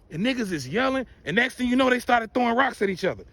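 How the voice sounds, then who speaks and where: A man telling a profane, animated personal story in casual storytime style. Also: very high-pitched, fast talker, few pauses.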